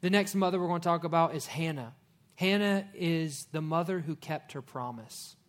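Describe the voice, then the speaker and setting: A man's voice: on the high side, normal speed. A middle-aged male pastor preaching a sermon in a folksy style, telling stories with joking asides.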